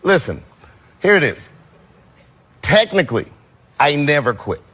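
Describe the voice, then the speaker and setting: A man's voice: on the high side, measured pace. A man telling stories as a comedian, on stage and in talk-show chats, laughing often and slipping into quoted dialogue. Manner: laughing, animated storyteller who breaks into quoted dialogue. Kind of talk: stand-up and talk-show storytelling. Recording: noisy compilation clip.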